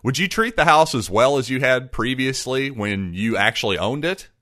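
A man's voice: mid-range voice, lively intonation, normal speed, bright, forceful tone, no room sound, clean studio sound. A man giving scripted history narration in an emphatic way, with pointed rhetorical questions.

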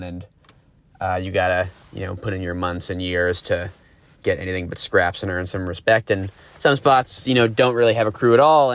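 A young man from Los Angeles calls in to confess a surf story, telling it casually in a grumpy, profane, rambling way. His voice is fairly low in pitch, with no echo.

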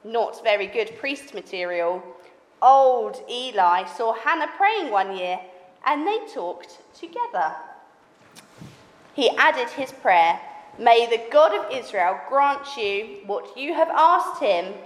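A woman leading a children's session, teaching hand signs and reading a story to the kids in an animated, teacherly way. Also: on the high side, slow. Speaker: children's ministry leader. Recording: echoey hall with faint background noise.

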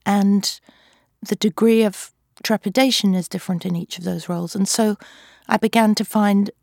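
A woman's voice: mid-range voice, steady tone, moderate pace, creaky, darkish tone, dry recording, clean studio sound. A middle-aged woman, a stage actor, giving thoughtful, articulate interview answers and sometimes searching for the right word.

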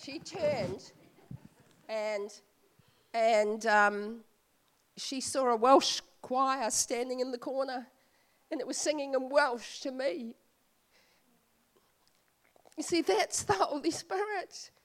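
A woman preaching as a visiting speaker, telling a personal story in a slow, heartfelt way. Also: high-pitched. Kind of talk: sermon.

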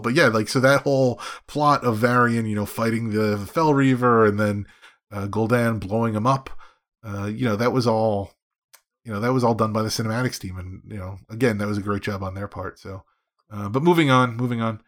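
A man's voice: fairly low pitch, normal speed, fairly bright tone. Rambling man in gaming chat. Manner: rambling, many restarts.

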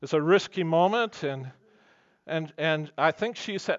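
Man, pastor, sermon, high smooth voice, earnest and emphatic, dry dull lo-fi recording. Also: takes it slowly, no room sound. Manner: earnest, emphatic preaching with personal stories.

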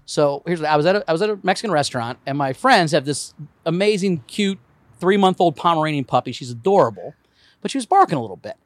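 Fast, lively-voiced male comedian. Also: fairly high pitch, no echo. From Indiana. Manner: animated, swearing, acts out voices in his stories. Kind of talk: casual podcast storytelling.

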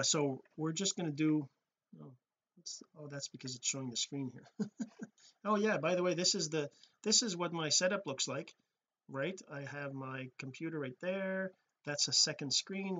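Man for a casual home tutorial: husky, a touch high, loose and self-correcting. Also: sharp tone. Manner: rambling, self-correcting, many fillers. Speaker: tutorial host. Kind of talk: casual screen-recorded tutorial. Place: home desk setup with computer.

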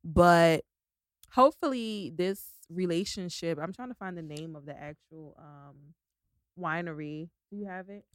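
A woman's voice: fairly low pitch, measured pace, clean tone, no echo. A woman co-hosting a podcast in chatty, rambling casual chat, full of "like" and "you know". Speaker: podcast co-host.

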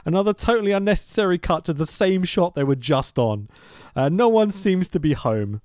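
A man chats on a podcast, his voice sitting a little high and swinging widely as he laughs and acts out scenes. The sound is close and dry, with no room around it. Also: brisk, no echo. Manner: animated, laughing, swearing, acting out scenes. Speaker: podcast co-host recapping a film. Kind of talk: casual chat.

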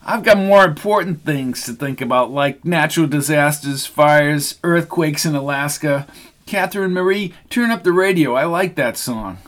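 A man's voice: fairly high pitch, moderate pace, a bit bright, voice pushed up, close to an everyday voice. A male narrator doing a free-spirited young woman in a storybook reading who tosses off sassy quips. His voice climbs well above his own.

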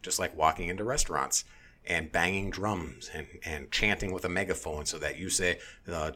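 Male podcast host, low register, blunt and profane, heated off-the-cuff delivery. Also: a little fast, sharp tone. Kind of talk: casual opinionated chat.

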